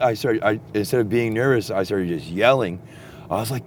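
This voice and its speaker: A man telling a long story in a profane, rambling, casual way that turns animated when he gets excited. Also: on the low side, fast talker, slight background noise. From Texas.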